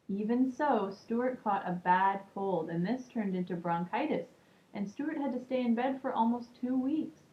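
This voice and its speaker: A woman reading a children's book aloud calmly, adding casual asides. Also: medium pitch. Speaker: storybook reader. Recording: echoey room, muffled lo-fi sound.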